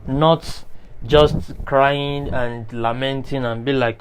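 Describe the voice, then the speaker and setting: A man's voice: medium pitch, fairly even intonation, slow, a little hiss or hum, poor audio. A man giving a motivational monologue, speaking straight to the listener, and repeating his key phrases for emphasis. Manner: preachy, talks straight to the listener.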